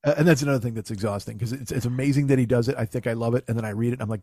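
A man's voice: medium pitch, steady tone, very fast, few pauses, mellow, dry recording, studio quality. A man hosting a podcast in casual comedic banter, with sarcastic, profane rants. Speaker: podcast host.

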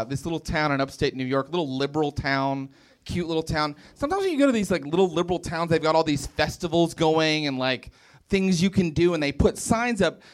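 Lively high-voiced young comedian. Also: male voice. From West Virginia. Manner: wry storytelling with acted-out quotes. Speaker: stand-up comedian. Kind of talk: stand-up set. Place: comedy club stage.

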